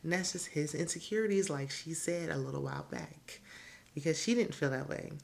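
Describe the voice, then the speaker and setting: A woman recaps a TV episode in a casual, talkative way. Her voice sits low and has a gravelly rasp. She gives her strong opinions freely and laughs at her own asides. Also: a little fast, a little mellow, slight background noise. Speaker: TV recap host.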